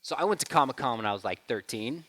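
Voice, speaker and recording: Middle-aged male speaker, lively anecdotal delivery, reverberant church hall. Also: medium pitch, quick pace. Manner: animated storyteller who acts out quotes. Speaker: guest speaker. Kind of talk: church talk with Q&A.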